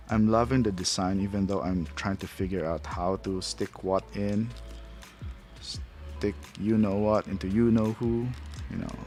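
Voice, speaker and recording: Slow, gravelly-voiced man thinking aloud. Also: fairly low pitch. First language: not English. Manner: rambling, thinks aloud, chuckles at himself. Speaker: toy reviewer. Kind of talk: casual unboxing commentary.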